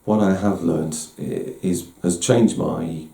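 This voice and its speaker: Man hosting a candid personal talk: middle-aged, deep gravelly dark voice, self-deprecating, slightly echoey room. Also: steady tone, slow. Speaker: host. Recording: roomy echo.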